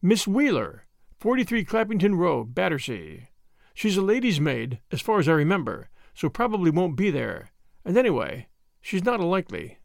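A man puts on an eager young woman detective, plucky and restless for action. Her voice leaps up and down with animated energy, set close and dry in a storybook reading. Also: high voice, vocal fry, dry recording, exaggerated voice. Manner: lively, quick, plucky.

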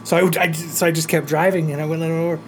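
Guy swearing thru a road rage story, kinda high voice, faint hum behind. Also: level tone, very fast. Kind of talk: casual chat.

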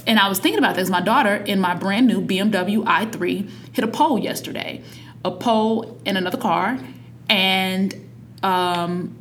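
A woman in her thirties, a parent, chatting casually on a podcast and telling a family story with lively acted-out quotes. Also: medium pitch, normal speed, slight background noise. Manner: animated storytelling, acts out quotes. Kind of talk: casual conversation.

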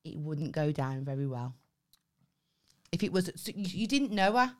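A woman's voice: sits low, big pitch swings, moderate pace. A woman co-hosting a podcast, teasing and swearing, laughing often in casual chat. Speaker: podcast co-host.

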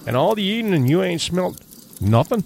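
A man voicing a grim, uneasy male backwoods guide from Canada, who talks in folksy, rough backwoods grammar. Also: sits high, sing-song, normal speed, darkish tone, a little hiss or hum, pitched above the performer's own voice, heavily acted.

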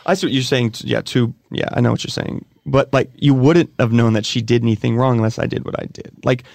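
A man in his thirties, a podcast guest talking candidly in a halting, emotional way, often restarting his sentences. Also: mid-range voice, steady tone, gravelly, a little mellow, no room sound. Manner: emotional, halting and repeating himself. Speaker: interview guest. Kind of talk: candid conversation.

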